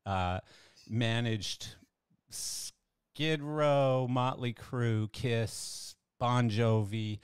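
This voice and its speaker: A man's voice: medium pitch, extremely slow, clean tone, no echo, studio quality. An older man hosting a podcast, telling stories in a chatty, enthusiastic way with lots of fillers. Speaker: podcast host. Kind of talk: casual podcast monologue.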